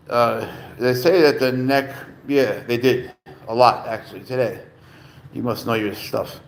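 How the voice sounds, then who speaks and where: A man chatting casually to viewers at home as a cat-owning vlogger, rambling and profane with sudden loud exclamations. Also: mid-range voice, slight background noise.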